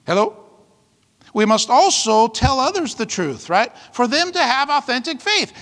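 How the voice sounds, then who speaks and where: Fiery high-voiced man preaching. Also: very animated, measured pace, fairly bright tone. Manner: emphatic, fiery preaching with call-outs to the congregation. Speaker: pastor. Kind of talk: sermon. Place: church hall. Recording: long reverb of a large hall.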